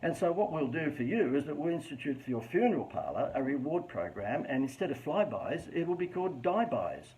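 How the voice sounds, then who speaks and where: A man's voice: a little high, big pitch swings, a little fast, hardly any pauses, darkish tone, low-quality recording. An Australian man hosting a casual live stream, coaching businesses on marketing in a chatty, joking, self-mocking way.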